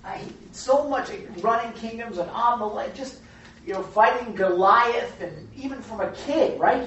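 A Bible study teacher leads a group in a casual, animated way and keeps asking them questions. The voice sits at a middle pitch and carries a strong room echo. It is picked up from a distance with a muffled, dull tone and faint background hiss. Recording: very echoey room, distant mic, dull sound.

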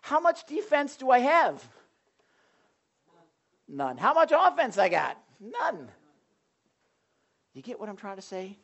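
A pastor preaching a sermon in a loose, conversational way, with jokes and asides to the congregation. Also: male voice, very high-pitched, wildly swooping pitch, slow pace, gravelly, long pauses, fairly bright tone, lo-fi sound.

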